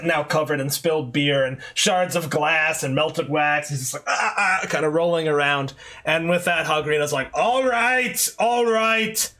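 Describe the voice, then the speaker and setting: A man narrating as game master of a tabletop game, animated and laughing as he acts out characters. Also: fairly high pitch.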